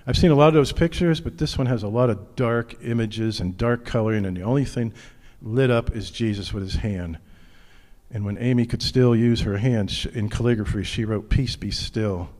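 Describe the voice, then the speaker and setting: A pastor delivers his sermon in an earnest, personal tone, his voice sitting at an ordinary pitch for a man. He sinks quiet and low when he admits his own struggles. The recording carries a long hall reverb. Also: normal speed.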